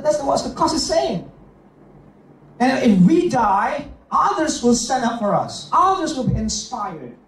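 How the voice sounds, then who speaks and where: Pastor preaching in an echoey hall. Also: male voice, high-pitched, a little mellow, a little hiss or hum. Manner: switches between English and Indonesian, emphatic with repeated words. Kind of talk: sermon. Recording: echoey hall, mic from far off.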